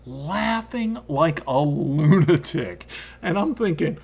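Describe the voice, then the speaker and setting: A man hosting a casual chat stream, telling a story with lively energy and frequent swearing. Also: a little high, unhurried, breathy edge. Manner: animated storytelling, swears freely. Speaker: stream host.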